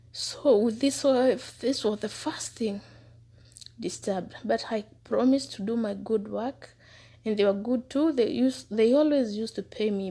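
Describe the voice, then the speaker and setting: A woman with a slightly raised pitch speaks in an earnest, casual testimony. She circles back over her words for emphasis and now and then drops to a hushed aside. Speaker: former housemaid telling her experience. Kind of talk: personal testimony, casual storytelling.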